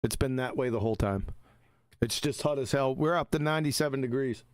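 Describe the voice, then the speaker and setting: A man's voice: mid-range voice, fairly quick, dry recording. A man hosting a live stream, reacting to a debate clip in a mocking, combative and profane way.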